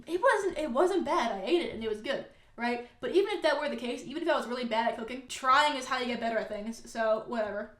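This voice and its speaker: Young woman, sarcastic reaction host, slightly high voice, echoey room. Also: fast talker, a bit bright. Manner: chatty, exasperated, sarcastic. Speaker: content creator reacting to comments. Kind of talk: casual reaction commentary.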